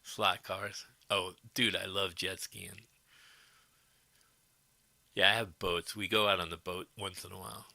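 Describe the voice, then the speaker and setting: Gravelly, sharp-voiced livestream host. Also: male voice, low-pitched, flat delivery, a little slow, long pauses, dry recording. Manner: rambling, answers chat comments as he goes. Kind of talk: casual chat with viewers.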